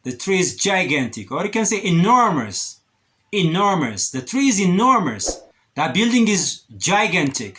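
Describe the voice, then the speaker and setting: A man teaching English vocabulary, repeating each example word slowly and then explaining it quickly. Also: high-pitched, sing-song, bright, forceful tone, a little hiss or hum. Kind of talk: vocabulary lesson, switching between English and Amharic.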